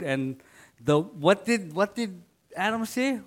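Man, sermon, slow deliberate delivery, earnest, loud readings and soft asides. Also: a little high, big pitch swings. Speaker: preacher.

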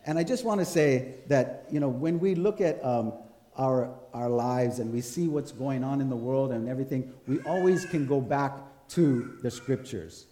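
A man preaching in a relaxed, storytelling way, often turning to the congregation for a nod. His voice is warm and mellow. The sound carries a roomy echo from the church around him. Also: medium pitch, normal speed. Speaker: pastor. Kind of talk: conversational sermon.

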